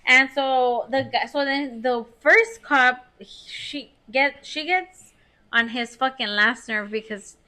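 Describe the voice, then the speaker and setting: A woman's voice: high voice, slow pace. A woman co-hosting a podcast, telling a story in casual chat with lots of swearing and laughter. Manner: animated, heavy swearing, laughs while telling. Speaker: podcast co-host.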